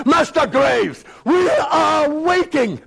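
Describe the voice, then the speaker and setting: A man's voice: high-pitched, lively intonation, a little slow, pitched above the performer's own voice. A man voicing a furious older male schoolmaster in a theatrical storytelling performance; the character shrieks with spitting rage or turns to icy formality. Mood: screaming.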